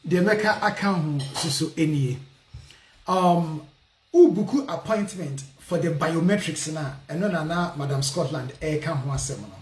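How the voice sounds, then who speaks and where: A man hosting a casual radio talk show, switching between Twi and English, lively and often laughing. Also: fairly high pitch, a little slow, roomy sound, slight background noise.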